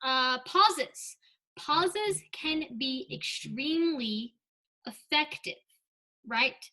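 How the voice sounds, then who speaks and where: A woman's voice: high voice, lively intonation, drawn-out words, pushed and bright, poor audio. A young woman giving an upbeat speech and debate lesson, often checking in with "right?" and "okay?". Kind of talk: instructional talk with comic asides.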